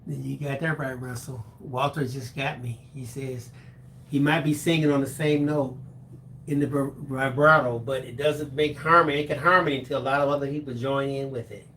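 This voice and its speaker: Brief: playful co-host, mid-pitched, reads chat aloud, faint noise behind. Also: fairly even intonation, moderate pace, fairly bright tone. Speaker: co-host reading viewer comments. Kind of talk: casual live-stream chat.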